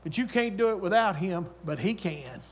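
Man, very high voice, preacher, sermon, repeated exhortations, calls to the congregation. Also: animated, normal speed, slight background noise. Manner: swings from loud urging to quiet storytelling.

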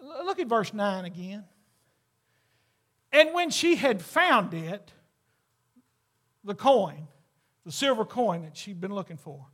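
A male pastor, preaching a sermon to a church congregation in a fervent, emphatic way that builds to loud exclamations. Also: high voice, sing-song, takes it slowly, long pauses.

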